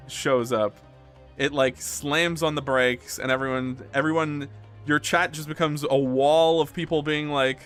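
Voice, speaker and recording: A young man casually chatting on a live stream while playing a game, animated and quick to laugh. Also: on the high side. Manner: animated, laughs often, breaks into loud outbursts. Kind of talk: casual live-stream chat, reading game lines aloud.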